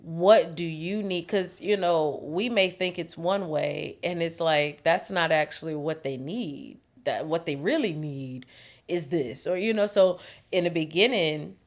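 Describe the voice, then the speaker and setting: A woman co-hosting a relaxed conversation podcast on marriage and faith. Her voice sits on the low side for a woman, and she tells stories in an animated way, breaking into laughter often. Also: a little slow. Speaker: podcast co-host. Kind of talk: casual chat about marriage and faith.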